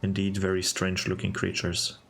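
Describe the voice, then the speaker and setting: A young man giving casual gameplay commentary, musing aloud in a relaxed way with hesitant restarts. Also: sits low, normal speed, vocal fry, slight background noise. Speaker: game video narrator.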